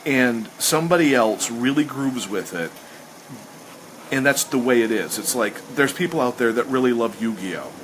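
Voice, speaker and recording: A man chats casually as host in a rambling, enthusiastic way, his voice sitting at an ordinary middle pitch. He keeps acting out the lines he quotes. A faint hiss stays behind him. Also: animated, normal speed, a bit bright, low-quality recording. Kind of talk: casual chat while sketching.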